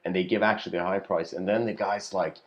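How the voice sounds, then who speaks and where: A man with a very low voice gives a casual spoken lecture. He tells a parable in a loose, rambling way, filling gaps with "you know" and soft chuckles. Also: steady tone, quick pace, muffled recording.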